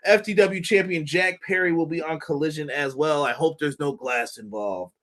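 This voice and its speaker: A man's voice: on the high side, normal speed, hardly any pauses, fairly bright tone. A man hosting a casual wrestling review show, talking loosely with laughs, curses and mock voices. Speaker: wrestling podcast host.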